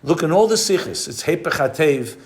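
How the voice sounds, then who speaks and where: Male rabbi, lecture delivery, somewhat high pitch, explains patiently and mixes in Hebrew and Yiddish terms while searching for words. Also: sing-song, fairly quick, darkish tone. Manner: stops often to search for the right word. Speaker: rabbi teaching a class.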